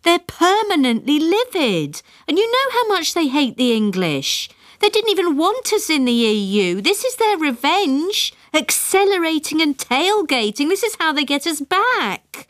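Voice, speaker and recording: A woman voicing an anxious, whiny middle-aged English mother who complains in a shrill voice in a read-aloud story. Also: big pitch swings, measured pace, hardly any pauses, a bit bright, no room sound, clean studio sound, exaggerated voice. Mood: whining.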